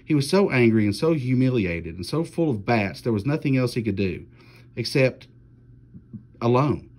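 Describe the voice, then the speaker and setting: A man, a teacher, reading a children's storybook aloud in steady, plain narration. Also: mid-range voice, normal speed.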